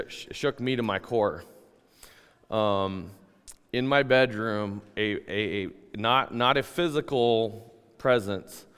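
A man giving an earnest, halting testimony as part of a sermon, often restarting his words. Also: fairly low pitch, fairly bright tone, clean tone. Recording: long hall reverb.

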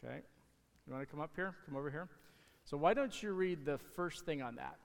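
A man talking to the kids in church, giving a casual, halting object lesson from the stage. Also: on the high side, creaky. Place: church sanctuary. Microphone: handheld or stage mic. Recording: hall reverb in a sanctuary.

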